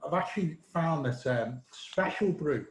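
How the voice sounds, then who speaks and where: A man's voice: fairly high pitch, animated, a little slow, reverberant, a loud crowd, rough recording. A Scouse man hosting a comedy show over a video call, hesitant and full of ums. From Liverpool, England.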